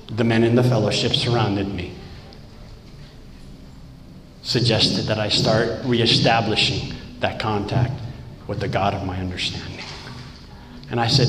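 A middle-aged man from Romania giving a personal recovery testimony in slow, deliberate, blunt words. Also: lowish voice. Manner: slow, deliberate delivery with blunt, raw wording. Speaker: recovering alcoholic sharing his story. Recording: roomy hall with long reverb, faint background noise.

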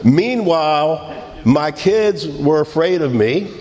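Slow-talking wry middle-aged man in a hall. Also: a little high, animated, crowd noise. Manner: unhurried, wry, self-mocking with quiet laughs. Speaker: speaker sharing his recovery story. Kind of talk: personal recovery testimony.

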